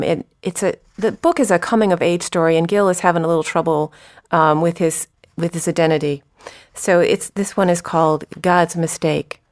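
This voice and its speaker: A woman poet reading her poems aloud with unhurried, expressive phrasing and short spoken introductions. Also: mid-range voice, dry recording, clean studio sound.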